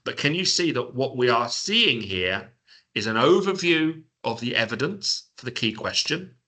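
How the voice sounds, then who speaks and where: A man giving a webinar presentation, explaining in an informal, chatty way with joking asides and quick self-corrections. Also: mid-range voice, big pitch swings, sharp tone.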